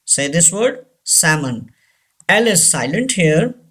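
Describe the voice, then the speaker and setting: Slow, deliberate male pronunciation teacher. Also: on the high side, lively intonation, a bit bright. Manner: repeats each word deliberately, corrective. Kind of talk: slow instructional drilling.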